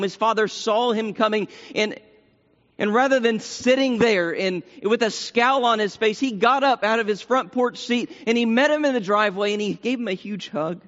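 A man's voice: sits high, fairly bright tone. A man preaching a sermon in a church, earnest and repeating phrases for emphasis. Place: church sanctuary. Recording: long hall reverb, dull lo-fi sound.

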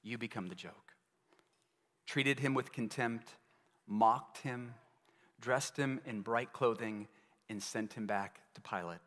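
A man's voice: mid-range voice, steady tone, takes it slowly, a bit bright. A male pastor delivering a sermon in an earnest manner, asking his listeners many rhetorical questions. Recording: long reverb of a large hall.

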